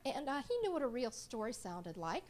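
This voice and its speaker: A woman's voice: a little high, big pitch swings, moderate pace, a little mellow. Middle-aged woman teaching a reading workshop. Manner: chatty, checks in with listeners often. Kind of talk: live workshop talk to an audience.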